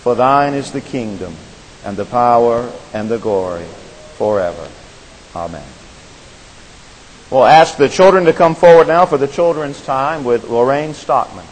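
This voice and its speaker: A man serving as pastor, leading a congregational prayer in a measured, liturgical way, then introducing children's time. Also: medium pitch, animated. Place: church sanctuary. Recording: church reverb, faint hiss.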